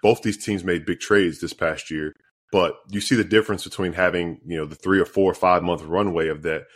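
Man, very deep voice, casual basketball podcast chat, playful. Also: fairly even intonation, fairly quick. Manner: chatty, playful quizzing. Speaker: podcast co-host.

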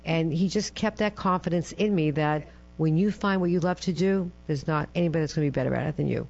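A woman's voice: low-pitched, quick pace, gravelly. Woman telling stories, lo-fi hum. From Massachusetts. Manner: lively storyteller, acts out quotes, ends phrases with "right?". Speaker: guest. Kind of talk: interview storytelling. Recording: dull lo-fi with mains hum.

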